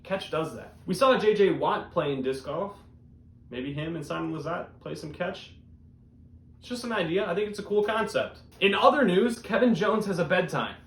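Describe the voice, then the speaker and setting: A young man hosting a disc golf news show in a deadpan comedic style, with sudden loud bursts. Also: high-pitched, moderate pace. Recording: echoey room with faint background noise.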